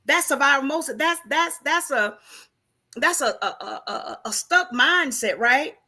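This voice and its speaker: A woman's voice: high-pitched, animated, unhurried, bright, forceful tone. A woman in a casual, faith-based conversation, talking emphatically and preachily with many rhetorical questions.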